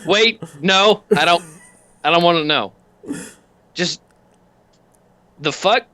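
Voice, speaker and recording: A surly biker gang leader who threatens and curses through every line, as a game master puts him on. The voice is forceful and bright, recorded dry and close. It sounds like a tabletop game scene. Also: male voice, sits high, slow pace, no room sound, voice pushed up, full character voice. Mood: exasperated. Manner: gruff, threatening, swearing constantly.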